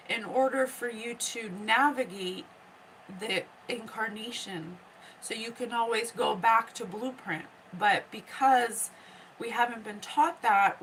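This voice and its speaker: A woman hosting a psychic podcast, slowly and earnestly relaying messages from spirit and often pausing to check in with "okay?". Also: a little high, a bit bright, a little hiss or hum, rough recording. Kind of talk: slow spiritual teaching monologue.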